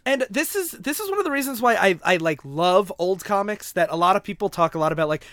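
High-voiced chatty man on a podcast. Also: expressive, fast talker, fairly bright tone, dry recording. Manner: chatty, lots of filler words. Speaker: podcast co-host. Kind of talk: casual chat about comics.

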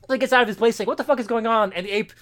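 A man's voice: extremely high pitch, rapid-fire. A man on a podcast, animatedly retelling a comic and acting out the characters' lines. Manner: animated, acts out quotes, swears. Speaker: podcast co-host. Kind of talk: casual chat, retelling a comic.

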